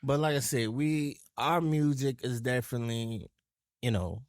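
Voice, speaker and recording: A podcast co-host from southeast Louisiana, chatting casually and telling animated, profane stories. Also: mid-range voice, normal speed, dry recording, studio quality. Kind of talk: casual chat.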